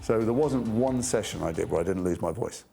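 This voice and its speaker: A man's voice: on the low side, animated, brisk, creaky, dark tone. A middle-aged man, an actor recounting anecdotes from his career in a thoughtful interview, often trailing off and restarting.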